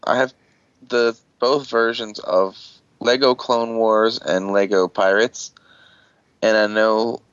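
A man's voice: on the low side, steady tone, slow pace, a bit bright, clean tone, no echo, muffled recording. A man on an online call telling a rambling, casual story, swearing offhand and acting out what people said.

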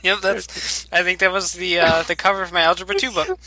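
Young man with a very bright voice. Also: high voice, steady tone, fairly quick. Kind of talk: casual podcast chat.

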